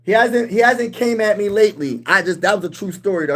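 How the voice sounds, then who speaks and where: A man's voice: sits high, lively intonation, brisk, few pauses. Hyped, slangy man on a sports stream. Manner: hyped, slangy, reads and answers chat. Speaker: sports channel host. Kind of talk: casual live-stream sports talk.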